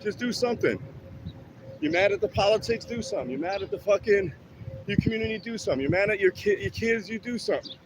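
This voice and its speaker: A man's voice: sits high, expressive, fast talker. A man ranting with a lot of swearing during an outdoor workout vlog, winded between exercises, with traffic around him. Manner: profane, heated and preachy. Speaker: fitness vlogger.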